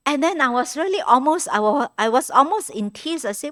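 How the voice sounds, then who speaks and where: Lively-voiced woman giving a Dharma talk. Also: high-pitched, brisk, hardly any pauses. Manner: conversational, repeats words and restarts, frequent "you know"; non-native English grammar. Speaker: Dharma teacher. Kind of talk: Dharma talk at a meditation retreat.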